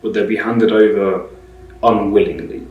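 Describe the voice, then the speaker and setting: A man with a lowish voice walks through legal points in a measured, disapproving tone. He sounds set back from the mic in a roomy space. Faint music plays underneath. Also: steady tone, distant mic, highs cut off. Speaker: commentator. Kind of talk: reaction commentary explaining law.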